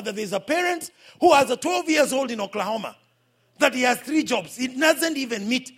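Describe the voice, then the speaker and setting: A man with a Kenyan accent, preaching a sermon as pastor at a church service, swinging between hushed asides and shouted points. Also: very high-pitched, animated, moderate pace, slightly rough.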